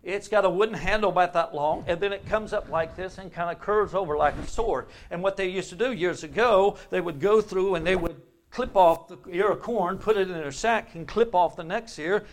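A man's voice: sits high, normal speed. An older man preaching a sermon in a church, telling folksy homespun stories. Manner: folksy storytelling with homespun asides. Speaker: pastor.

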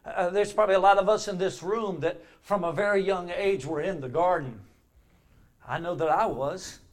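An older pastor preaches a sermon in church, telling folksy stories full of homespun asides. His voice is high and he speaks at a normal speed.

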